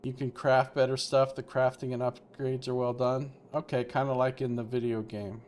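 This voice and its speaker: A man's voice: medium pitch, moderate pace. Chatty man streaming a game. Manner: relaxed and chatty, answers viewers, hedges with "like". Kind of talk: casual live-stream commentary.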